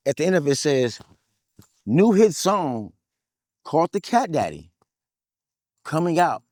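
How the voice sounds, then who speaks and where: A man in his thirties telling his story in an interview, excitable and hyped, full of "like, like" fillers, street slang and swearing. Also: on the high side, unhurried, no room sound, studio quality.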